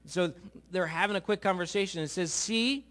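A man preaching a sermon, conversational and animated, often asking his listeners questions. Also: sits high, brisk. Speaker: pastor.

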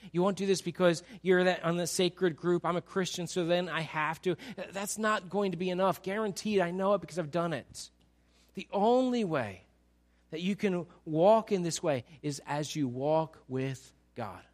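An earnest male pastor delivers a sermon. His voice sits a little high, and he presses his listeners with repeated questions. He swells for emphasis, then falls quiet and gentle. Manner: earnest, pleading rhetorical questions, rising to emphasis and dropping soft.

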